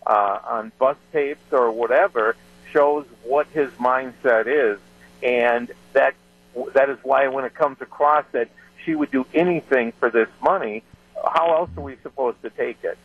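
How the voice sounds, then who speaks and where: A man calling in to a radio talk show who insistently makes his point, pausing often and using fillers. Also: mid-range voice, husky, dry recording. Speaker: caller. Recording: muffled caller audio.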